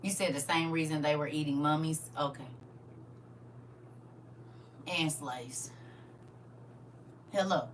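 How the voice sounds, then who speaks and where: A woman's voice: low voice, takes it slowly, long pauses, far from the mic, slight background noise. A woman, reading scripture aloud and commenting on it in a preachy way, full of rhetorical questions. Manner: preachy, rhetorical questions, swings from loud to quiet. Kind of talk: casual livestream commentary.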